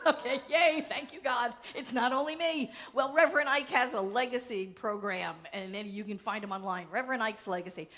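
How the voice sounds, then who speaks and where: A woman minister preaching a sermon with emphatic energy, calling out to the congregation. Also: fairly high pitch. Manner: animated, emphatic, calls on the congregation. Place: church sanctuary.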